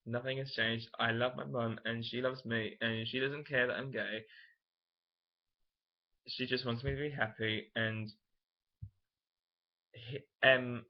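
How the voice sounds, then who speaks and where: A man's voice: medium pitch, flat delivery, slow, long pauses, muffled recording. A young man, telling a personal story to camera in a rambling, candid way, full of fillers and self-corrections. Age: late teens. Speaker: vlogger.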